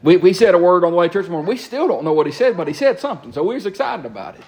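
Animated pastor preaching. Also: male voice, sits high. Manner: animated preaching with call-and-response, quick asides and repeated words. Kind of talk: sermon. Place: church sanctuary.

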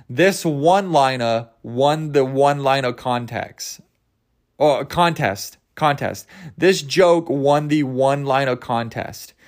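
A young man hosting a casual solo podcast, rambling and joking, often tripping over his words. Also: mid-range voice. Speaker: podcast host.

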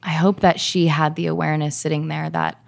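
A podcast guest with a notably low voice and plenty of vocal fry. She speaks in soft, searching phrases and often trails off as she reaches for the right words. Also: level tone, a little fast. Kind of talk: casual conversation.

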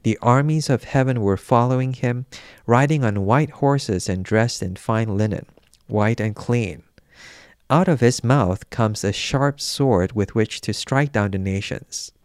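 A man reading scripture aloud in a measured, solemn, unhurried way. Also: medium pitch, darkish tone, clean tone, no echo, studio quality. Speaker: scripture reader.

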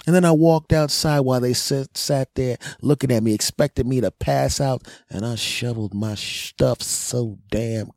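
A man's voice: medium pitch, moderate pace, hardly any pauses, a little mellow, dry recording, clean studio sound. A man in his forties hosting a podcast, delivering a comedic rant in a brash, profane, mock-threatening way. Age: 40s. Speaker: podcast host.

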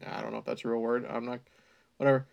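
A man's voice: medium pitch, flat delivery, quick pace, creaky, lo-fi sound. A man reading a badly written novel aloud for comedy, breaking off into exasperated, sardonic, profane asides. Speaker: storytime host.

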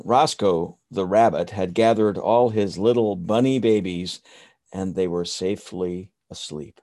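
Slow soothing male bedtime storyteller. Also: low voice, dry recording, clean studio sound. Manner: soothing, expressive.

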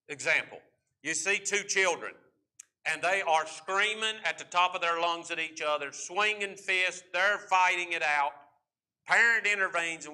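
Bright emphatic preacher, a man. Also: high-pitched, clean tone. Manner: emphatic preaching that acts out the figures in the story; slows right down to stress key points. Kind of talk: sermon.

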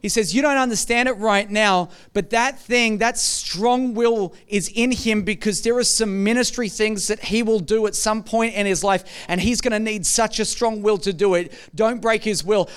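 A middle-aged man delivers a sermon with a high, notably clear and smooth voice. He tells stories in a lively, conversational way, speaking straight to his listeners. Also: normal speed, few pauses. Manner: storytelling, shifts to a soft hushed voice when recounting a tender moment. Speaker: pastor.

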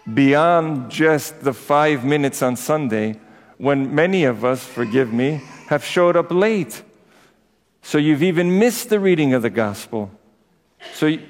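A priest giving a conversational sermon to his congregation, with personal asides. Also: medium pitch. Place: church. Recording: echoey church with long reverb.

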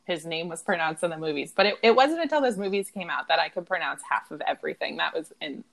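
A woman's voice: deep voice, lively intonation, fast talker, vocal fry, fairly bright tone. A woman co-hosting a casual book podcast, chatting and telling stories with a laugh. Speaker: podcast co-host. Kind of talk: casual chat.

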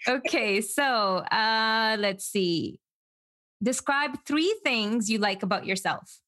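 A woman in her thirties hosting a podcast, encouraging and quick to giggle. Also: on the high side, fairly bright tone. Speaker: podcast host. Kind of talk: casual interview chat.

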